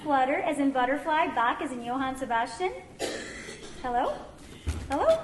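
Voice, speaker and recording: Woman doing a high fussy producer lady, all gushing, echoey room with a bit of hiss. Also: animated, moderate pace, a crowd in the background. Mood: flustered. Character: fussy woman theater executive producer, gracious and grand. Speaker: theater executive producer. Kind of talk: amateur radio play acting.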